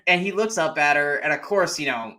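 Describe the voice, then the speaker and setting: A man's voice: a little high, expressive, fairly quick, pushed and bright, slight background noise. A young man co-hosting a podcast, casually retelling a movie and acting out its lines. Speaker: podcast co-host. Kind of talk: casual movie recap chat.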